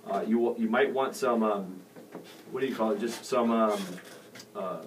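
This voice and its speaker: A man's voice: lowish voice, moderate pace. A middle-aged man hosting a real estate radio show, giving advice in a rambling way with many fillers and restarts. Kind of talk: casual radio advice talk. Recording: distant mic with faint noise.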